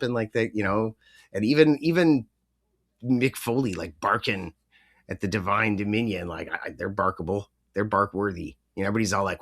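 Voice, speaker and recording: A man's voice: lowish voice, fairly quick, a bit bright. A young man co-hosting a wrestling podcast in casual chat, rambling with lots of fillers and casual swearing. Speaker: podcast co-host.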